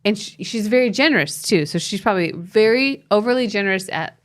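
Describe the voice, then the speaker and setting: A woman's voice: mid-range voice, lively intonation, fairly quick. A middle-aged woman co-hosting a parenting podcast, adding wry comments in casual chat. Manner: wry interjections, laughs easily. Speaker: podcast co-host.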